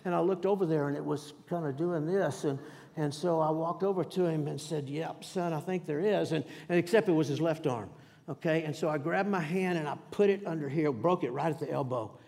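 A male pastor telling a personal story in a sermon, in a folksy, halting way with many restarts, and dropping to a hush for prayers. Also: on the high side, gravelly. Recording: long hall reverb.

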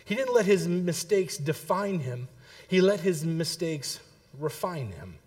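Preaching in a lively, storytelling style, a middle-aged pastor recounts a family story and checks in with the congregation by asking "okay?". His voice is on the high side and he speaks unhurriedly.

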